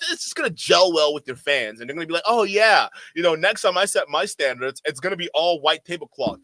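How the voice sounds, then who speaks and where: A man's voice: mid-range voice, fairly bright tone, dry recording. A man doing reaction commentary in a profane, sarcastic way, laughing often. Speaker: YouTube commentator.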